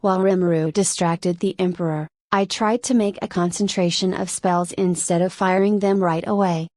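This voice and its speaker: A woman's voice: fairly low pitch, fairly even intonation, moderate pace, a little mellow, dry recording, clean studio sound. A woman narrating a light novel audiobook in the first person, with plain storytelling. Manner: plain storytelling with brief voiced exclamations.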